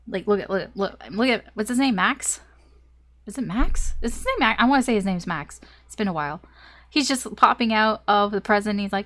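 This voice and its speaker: A woman's voice: mid-range voice, animated, normal speed, fairly bright tone. A young woman doing a casual tarot reading, chatty and rambling with lots of "like" and small laughs, a little choked up with a cough. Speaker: tarot reader.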